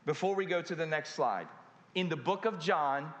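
A man with a high, light voice preaches a sermon from the front of a church. He stretches words out, lets pauses hang and throws rhetorical questions at the congregation. His voice rings through a roomy sanctuary with a long, echoing tail. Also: big pitch swings, a bit bright. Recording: echoey hall with long reverb.

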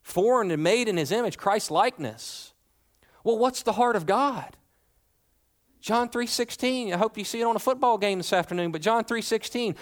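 A pastor in his thirties, his voice sitting on the high side, preaches a sermon in a church. He keeps it loose and conversational, with joking asides and sentences he restarts as he goes. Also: moderate pace. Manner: conversational and playful, with humorous asides and frequent restarts.

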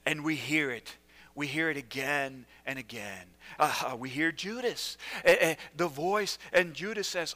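A male pastor preaching a sermon dramatically, swinging between loud emphasis and hushed words. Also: fairly high pitch, unhurried. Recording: reverberant church hall.

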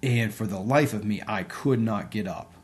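Guy on an interview telling his story, kinda low voice, lots of uh and you know. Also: normal speed. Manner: conversational, many fillers and repeats. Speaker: interview guest; sports coach. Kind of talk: casual storytelling.

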